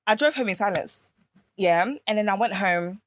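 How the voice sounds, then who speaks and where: Animated woman telling a story. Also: medium pitch, moderate pace, no echo. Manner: animated storytelling, swears freely. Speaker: podcast guest. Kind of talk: candid casual chat.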